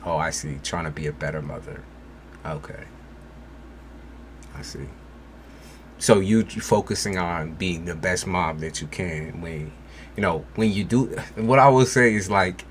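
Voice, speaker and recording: A man's voice: deep voice, moderate pace, a bit bright, a little hiss or hum. A man giving a live-streamed tarot reading, talking bluntly and casually while reassuring the viewer. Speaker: tarot reader.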